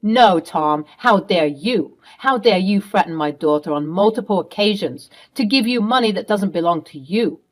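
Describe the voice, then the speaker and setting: A woman's voice: medium pitch, lively intonation, normal speed, hardly any pauses, lightly acted. A woman playing a fierce, protective middle-aged mother who speaks in firm, cutting terms. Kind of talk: storytime role-play.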